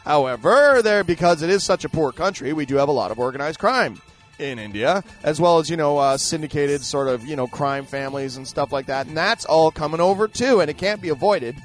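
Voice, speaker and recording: Rambling man, slightly high voice. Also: expressive, a little fast, faint music behind. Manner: rambling, emphatic, full of fillers and restarts. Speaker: host answering listener letters. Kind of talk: casual ranting monologue.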